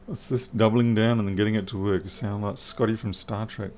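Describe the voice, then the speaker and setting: Low-voiced man, wry live repair chat. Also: steady tone, fairly quick, a little mellow, a little hiss or hum. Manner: wry, chatty, answering viewers' comments. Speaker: livestream repair host. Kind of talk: casual live-stream commentary while working.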